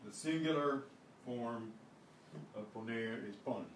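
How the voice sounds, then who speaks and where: An older man teaches a language class at an unhurried pace, pausing to clear his throat. His voice sounds roomy and distant, as if caught by a mic across a classroom with faint noise behind. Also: medium pitch. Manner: slow, patient, clears throat often. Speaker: Spanish teacher. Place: classroom at a senior center.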